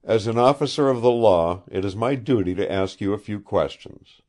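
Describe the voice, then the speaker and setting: A man's voice: lowish voice, normal speed, darkish tone, close to an everyday voice. A man reading the part of a young law officer, speaking firmly and with authority. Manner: firm, commanding. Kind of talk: audiobook character reading.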